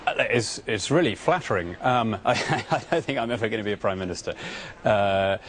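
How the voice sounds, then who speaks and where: A man's voice: on the low side, fairly quick, slight background noise. A British man as a politician guest on a TV interview, arguing his views earnestly and often stammering through restarts. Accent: British English. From Britain. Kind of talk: remote TV interview answers.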